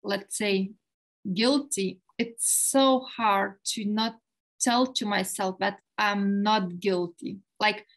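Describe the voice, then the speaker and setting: A woman interviewer talks slowly and hesitantly, pausing to search for her words. She speaks softly at an ordinary middle pitch. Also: fairly even intonation. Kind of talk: conversational interview.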